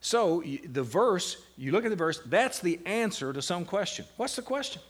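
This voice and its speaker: A middle-aged man lecturing a classroom, with a voice that sits a little high for a man. He keeps firing questions at the students and answering them himself, swinging from hushed asides to loud, lively bursts. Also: moderate pace, husky. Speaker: seminary lecturer. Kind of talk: classroom lecture on Bible meditation.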